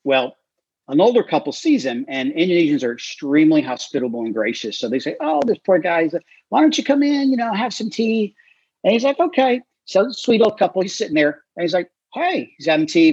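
A man, a guest author and missionary, telling stories in an interview with an animated manner and frequent fillers. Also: medium pitch, breathy edge, dry recording. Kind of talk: storytelling in an interview. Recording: dry, slightly dull recording.

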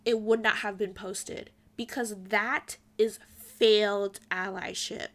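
A woman's voice: medium pitch, fairly even intonation, slow, a bit bright. A young woman giving an earnest, pointed opinion commentary straight to her viewers. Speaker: commentary vlogger.

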